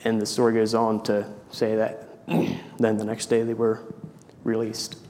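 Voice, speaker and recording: A man reading a story aloud and closing with a short devotional, in a measured way and with frequent throat clearing. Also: fairly low pitch, completely flat delivery, darkish tone. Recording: long hall reverb, faint noise.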